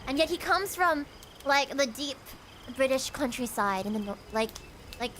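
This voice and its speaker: A woman streaming as a VTuber, chatting casually and reading her chat aloud with frequent giggles and quick asides. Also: high-pitched, fairly bright tone, a little hiss or hum. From United States.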